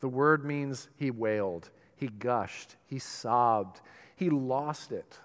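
A man preaching a sermon as a pastor, swinging between loud, emphatic bursts and soft, slow lines. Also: medium pitch. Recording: long hall reverb.

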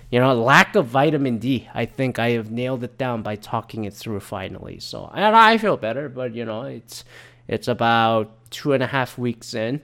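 A man recording a casual, sardonic solo podcast rant, swearing freely and restarting his sentences often. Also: medium pitch. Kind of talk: casual ranting monologue.

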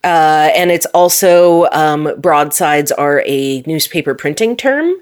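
A woman's voice: low voice, slow, clear, resonant tone. A woman from North Dakota with an Upper Midwest accent, chatting as a guest scientist, laughing often and filling with ums. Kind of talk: casual interview chat.

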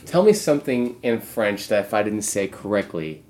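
A man's voice: lowish voice, big pitch swings, moderate pace, darkish tone. A man co-hosting a podcast, chatting casually in a sarcastic, joking way. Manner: joking, sarcastic, mock voices. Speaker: podcast co-host. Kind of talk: casual chat.

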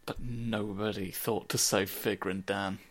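A man's voice: lowish voice, little pitch movement, a little slow. A man co-hosting a casual chat, answering with wry, teasing remarks. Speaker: podcast co-host.

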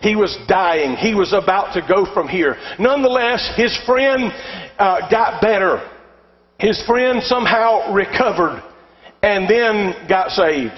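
A pastor preaching a sermon, swinging from raised, shouted exhortation to quieter storytelling. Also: male voice, sits high, measured pace. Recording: dull lo-fi sound in a long-reverb hall.

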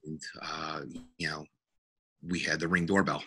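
A middle-aged man, a police officer, telling a personal story in a podcast interview in a halting, earnest way with many fillers and restarts. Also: rumbling low, flat delivery, sharp tone, husky.

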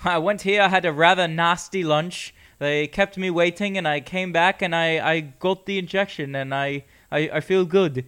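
A man's voice: on the high side, normal speed, few pauses, a bit bright, clean tone, close to an everyday voice. A man putting on a chatty ninety-one-year-old British man who rambles along cheerfully. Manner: rambling, offhand.

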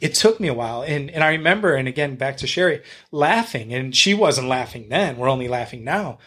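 A man's voice: mid-range voice, animated, brisk, bright, forceful tone. A man being interviewed on a podcast as a real estate agent and investor, talking in a blunt, rambling, enthusiastic way and swearing freely.

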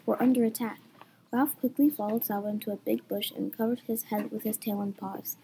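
A young woman reading a story aloud in a plain, even storytelling way. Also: mid-range voice, brisk, background noise. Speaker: story reader.

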